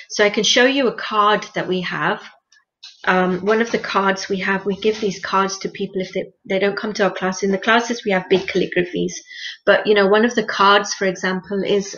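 A woman guest in an interview, explaining spiritual practice in an earnest, gently instructive way and repeating phrases for emphasis. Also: medium pitch. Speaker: interview guest, meditation teacher. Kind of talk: conversational interview. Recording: lo-fi muffled sound.

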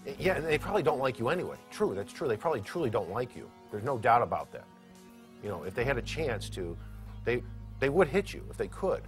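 A man's voice: medium pitch, sing-song, fast talker, soft background music. A male trader speaking emphatically and candidly in a documentary interview.

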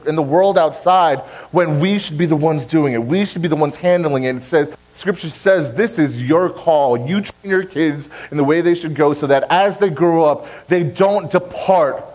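A man's voice: a little high, darkish tone, low-quality recording. A young adult man, a pastor, preaching a sermon in a church in an earnest, direct way, repeating key phrases to press the point. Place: church sanctuary.

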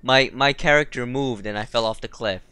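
A young man jokes easily while playing a co-op game. His voice is bright and smooth. The sound is dry and close. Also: medium pitch, normal speed, no room sound. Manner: joking, laid-back banter. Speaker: gamer recording co-op let's play. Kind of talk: casual gaming chat.

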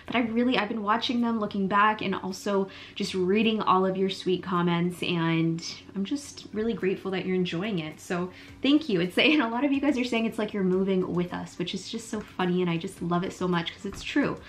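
A woman's voice: mid-range voice, brisk, hardly any pauses. A woman in her thirties chatting casually to her vlog audience at home, bubbly and laughing often. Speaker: vlogger. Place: home kitchen and vanity.

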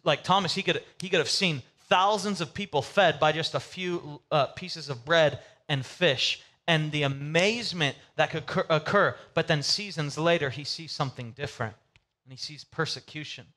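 A male pastor preaching a sermon in a casual, animated storytelling way with comic asides. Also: fairly high pitch.

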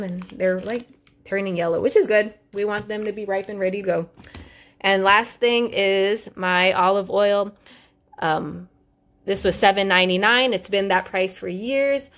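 A woman's voice: mid-range voice, a bit bright. A young adult woman chatting casually through a shopping haul video, upbeat and full of fillers like "um" and "so yeah". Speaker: vlogger.

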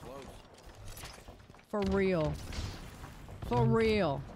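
A woman's voice: mid-range voice, expressive, drawn-out words, background noise. A woman streamer playfully teasing her chat with mock-angry outbursts while gaming. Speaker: game streamer.

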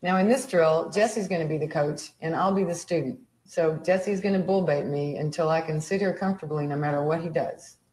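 A woman calmly explaining a training drill before she acts as the student. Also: sits low, brisk, few pauses. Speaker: student in archive demonstration. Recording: roomy archive recording.

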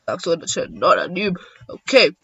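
A young man giving excitable, joking commentary while playing a video game, swearing now and then. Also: on the high side, moderate pace, vocal fry, breathy edge, no echo. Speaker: gaming YouTuber. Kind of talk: casual gameplay commentary. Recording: dull lo-fi dry sound.

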